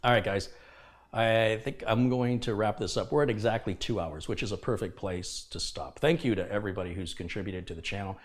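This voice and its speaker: With casual passion and plenty of emphasis, the host of a live computer repair stream lectures his viewers. His voice is lowish and brisk.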